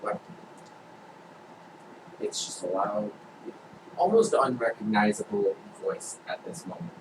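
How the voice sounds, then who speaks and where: A man narrating a tabletop role-playing game as game master, describing scenes slowly with frequent hesitations. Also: lowish voice, very animated. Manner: slow, hesitant description with fillers. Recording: distant mic with faint background noise.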